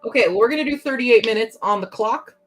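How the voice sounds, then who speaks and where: A woman's voice: on the high side, fast talker, faint music behind. A young woman hosting a casual livestream from home, chatting and giggling as she answers her chat aloud. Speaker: livestream host.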